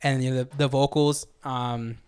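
A man's voice: medium pitch, flat delivery, moderate pace, darkish tone, clean tone. A young man rambling enthusiastically in a casual music review chat, full of fillers. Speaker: podcast co-host.

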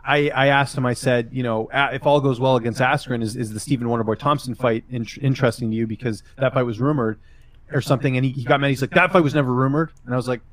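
A man rattles along at a quick clip, piling up filler words as he tells stories and gives advice on a casual podcast. His voice sits in an ordinary middle pitch and sounds close and dry, with no room around it. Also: steady tone, no echo. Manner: rambling, filler-heavy storytelling with advice. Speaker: MMA journalist guest.

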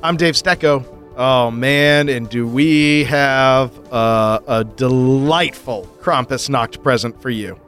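A man's voice: medium pitch, fairly bright tone, faint music behind. A man co-hosting a podcast in joking banter, full of playful asides. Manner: playful, jokey, quick asides. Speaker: podcast co-host.

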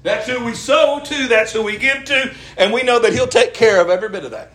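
Middle-aged preacher, very high voice, folksy, impassioned call-and-response sermon, roomy echo. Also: male voice, brisk. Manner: impassioned, rising to shouts, folksy. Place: church.

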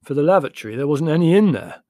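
A man's voice: fairly high pitch, animated, fast, a little mellow, no echo, pitched above the performer's own voice, close to an everyday voice. A blunt young man who grumbles in a plain, firm voice, as a male reader does him. The sound is dry and close. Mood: grumbling. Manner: blunt, complaining.

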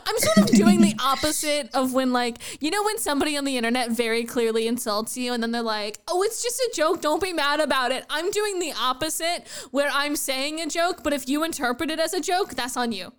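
A woman co-hosting a podcast, talking in animated, playful rants in casual chat. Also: sits high, fairly quick, hardly any pauses. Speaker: podcast co-host.

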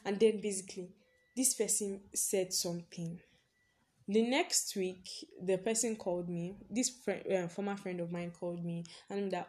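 A woman's voice: lowish voice, fairly even intonation, unhurried, a little mellow. A young woman hosting her own podcast, telling a personal story in a loose, chatty way, leaning on "basically" and laughing often. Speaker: podcast host. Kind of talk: casual personal podcast monologue.

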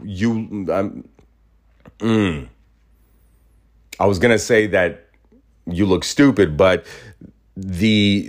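A man hosting a podcast, talking in a casual, heated rant, blunt and full of swearing. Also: lowish voice. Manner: profane, indignant, blunt. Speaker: podcast host.

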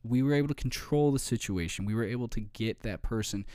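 A man's voice: mid-range voice, fast talker, darkish tone, clean tone, dry recording, studio quality. A man giving an informal training talk, often checking in with "okay?" and "right?".

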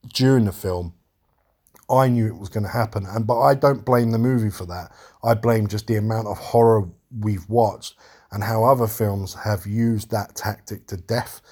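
A man's voice: lowish voice, darkish tone. A man giving a casual, rambling film review, talking frankly and swearing freely.

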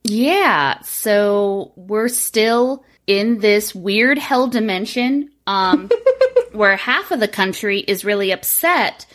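A woman's voice: mid-range voice, animated, slow. A woman in her thirties co-hosting a podcast, chatting casually with lots of swearing, fillers and laughs. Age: 30s. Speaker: podcast co-host.

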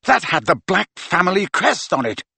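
A furious teenage boy wizard who snarls and spits his words, read by a man. The delivery swings lively in pitch. The recording is dry and close. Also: moderate pace, creaky, husky, no room sound, heavily acted. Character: angry teenage boy wizard, hot-tempered.

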